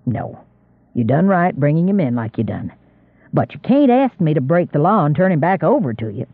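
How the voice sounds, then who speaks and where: A man voicing a gruff country squire. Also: on the high side, very animated, moderate pace, no room sound, phone-quality sound. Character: older rural male squire, gruff and dry.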